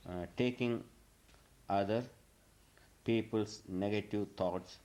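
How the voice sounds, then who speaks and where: A middle-aged spiritual teacher answering questions from a group, speaking slowly and haltingly. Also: male voice, lowish voice, fairly even intonation, dark tone.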